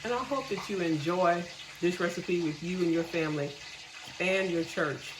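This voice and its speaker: A woman's voice: on the low side, moderate pace, reverberant, background noise. A woman hosting a cooking video, casually showing and tasting her home-cooked food. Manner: homey, churchgoing, tastes food on camera with mouth full. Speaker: cooking channel host.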